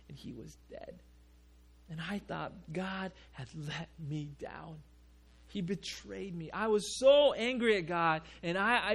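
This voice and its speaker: Grieving widow, said by a pastor, quiet and tearful, bit gravelly. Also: male voice, a little high, exaggerated voice. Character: grieving widow telling her story.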